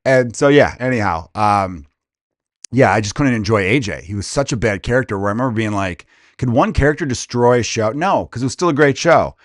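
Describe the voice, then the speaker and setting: A man hosting a comedy podcast, ranting casually in a crude, profane, animated way and slipping into quick impressions. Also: lowish voice, dry recording, studio quality.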